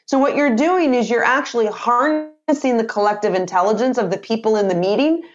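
Lively expressive woman in her fifties explaining things, a bit dull sounding recording. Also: a little high, brisk. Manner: energetic, expressive, acts out example dialogue. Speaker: author and sales trainer. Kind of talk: interview guest.

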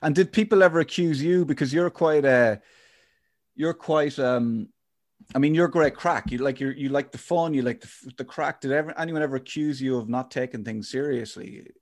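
A man's voice: mid-range voice, moderate pace, darkish tone. Podcast host guy, rambles, restarts a lot, medium voice. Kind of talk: casual chat.

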